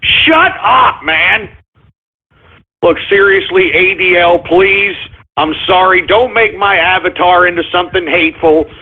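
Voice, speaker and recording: A man hosting a comedic call-in radio show, ranting frantically, swearing and shouting apologies over and over. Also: sits high, unhurried, slightly rough. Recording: tinny phone-like audio.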